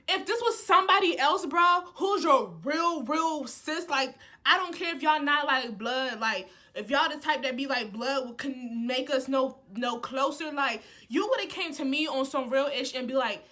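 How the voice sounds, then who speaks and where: Young woman, high voice, bright, animated storytime rant, casual. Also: a little slow. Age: young adult. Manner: animated and heated, constant "like" fillers. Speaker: college student vlogger.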